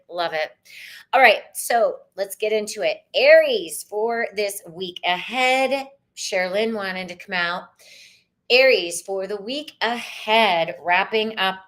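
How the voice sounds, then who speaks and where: A woman's voice: mid-range voice, a bit bright. Bubbly woman reading tarot live. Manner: bubbly, effusive, sprinkles in "y'all", sometimes sings. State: tired voice. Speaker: tarot reader and livestream host.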